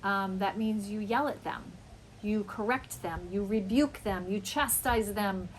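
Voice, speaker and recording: A woman teaching an English lesson, speaking slowly and acting out example phrases with big, dramatic exclamations. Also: medium pitch, a little hiss or hum, poor audio. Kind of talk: slow, emphatic English lesson.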